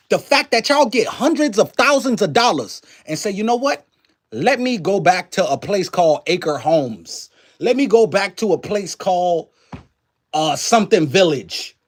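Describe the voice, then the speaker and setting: A man's voice: sits high, sing-song, unhurried. A man hosting a livestream and giving casual, emphatic commentary to his chat, heavy on slang, profanity and rhetorical questions.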